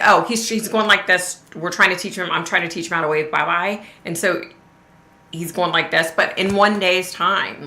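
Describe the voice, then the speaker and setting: A woman's voice: on the low side, pushed and bright, echoey room. A middle-aged woman hosting a livestream, chatting casually and cursing now and then. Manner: chatty, swears freely, drawls "y'all". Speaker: host of a livestream.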